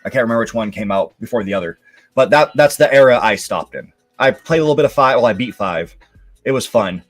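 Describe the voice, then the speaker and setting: A man's voice: mid-range voice, quick pace, faint music behind. A young man hosting a live stream, chatting casually and rambling with many fillers about upcoming games and movies. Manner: relaxed, rambling, lots of fillers. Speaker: show host.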